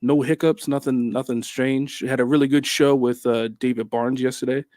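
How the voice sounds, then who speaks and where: A man's voice: medium pitch, fairly even intonation, normal speed, a little mellow, no echo, studio quality. A man co-hosting a radio talk show, chatting in an easygoing, hesitant way. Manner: easygoing, hesitant, many fillers and restarts. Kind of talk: casual radio chat. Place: radio studio.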